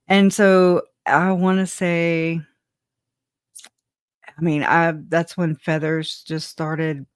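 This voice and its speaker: A guest with a medium-pitched voice tells their side of a personal story in a casual, rambling manner, laughing often and trailing off with "anyways." They also answer live chat comments, recorded with clean studio sound and no room sound.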